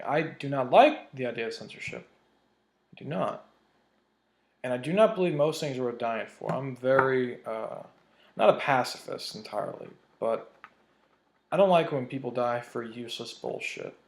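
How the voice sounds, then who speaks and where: A man's voice: mid-range voice, lively intonation, normal speed, vocal fry. A man ranting in a vlog, heated and profane, hammering his points with emphasis. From United States. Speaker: vlogger. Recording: roomy echo.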